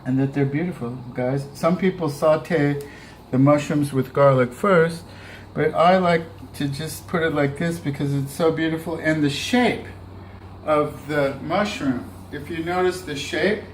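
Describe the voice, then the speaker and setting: A man giving a relaxed, chatty cooking demonstration, talking through each step as he works. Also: on the high side, unhurried, echoey room, slight background noise, low-quality recording. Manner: relaxed, chatty, talks while working. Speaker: cooking instructor.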